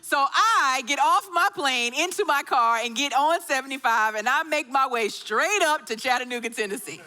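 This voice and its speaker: A middle-aged woman preaches in a church. Her voice sits high and sounds bright and forceful. She tells her story in a lively way and acts out the voices of the people in it. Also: moderate pace. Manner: storytelling with acted quotes. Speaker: pastor. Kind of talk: sermon.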